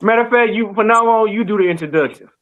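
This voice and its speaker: A man with a fairly high voice hosts a casual podcast. He is upbeat and talks his co-hosts up warmly. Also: fast, phone-quality sound. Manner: upbeat, hyping up guests. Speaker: podcast host.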